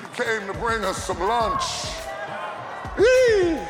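A man preaching a dramatic sermon, building to shouted climaxes and calling out to the congregation. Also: high-pitched, big pitch swings, a little slow, over a noisy crowd. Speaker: pastor. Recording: live church with organ and congregation.

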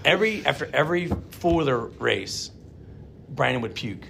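A man's voice: mid-range voice, sing-song, normal speed, gravelly, very noisy. A man hosting a casual podcast as a monster truck driver, rambling with lots of restarts and frequent laughter.

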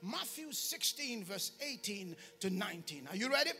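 A man's voice: high voice, big pitch swings, moderate pace, hardly any pauses, bright, forceful tone. A man preaching a fervent call-and-response sermon in a church hall, with faint music behind. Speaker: pastor.

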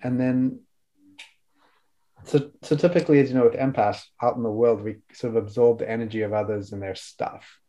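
A man hosting a relaxed interview conversation. He asks his questions in a rambling, thoughtful way, circling back and rephrasing as he goes. His voice sits at an ordinary middle pitch. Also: normal speed, dull audio.

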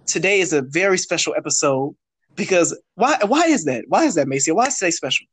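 A male podcast host chatting loudly and jokily on an online call. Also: fairly high pitch, big pitch swings, quick pace, slightly rough, no echo. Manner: hyped, loud, jokey. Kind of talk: casual group chat on a call. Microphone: online call mic.

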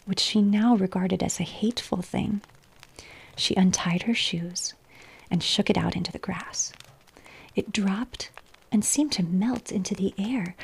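A woman tells a story in a continuous soft whisper, very breathy and husky. Her tone is dark and mellow, with a gravelly edge at the ends of phrases. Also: mid-range voice. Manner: soft, slow whispered reading.

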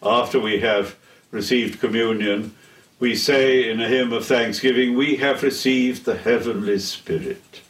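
An older man giving a theology lecture in a deliberate, solemn way, pausing between phrases. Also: mid-range voice. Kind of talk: slow measured theology lecture. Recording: echoey room, heard from a distance.

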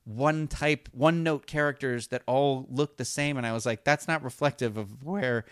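Casting: male co-host, smooth resonant voice, dry close sound, chatty and halting. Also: mid-range voice, fairly bright tone, dry recording. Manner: rambling, halting, many restarts and fillers. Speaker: podcast co-host. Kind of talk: casual fan chat.

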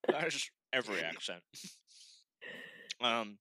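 A young man from Massachusetts talks casually, rambling and leaning on fillers. His voice is strikingly bright and tense, with a very lively, up-and-down pitch. The sound is dry and close, with little room echo. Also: slow. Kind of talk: casual chat.

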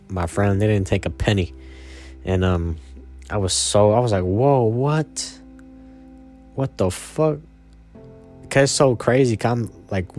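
Here a twentysomething guy with a darkish, lowish voice recounts something that happened to him. His delivery is loose and meandering, heavy on slang and fillers such as "you know" and "man."

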